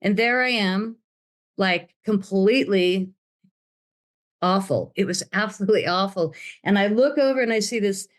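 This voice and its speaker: Older woman, interview guest, animated storyteller who plays out every quote. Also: mid-range voice, normal speed. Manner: dramatic, acts out quoted voices.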